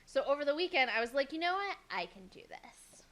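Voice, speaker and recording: A young woman co-hosting a podcast, telling a story in a casual, animated way, swearing freely and acting out what people said. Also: high-pitched, fairly quick, highs cut off. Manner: animated, swears a lot, acts out quotes. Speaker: podcast co-host.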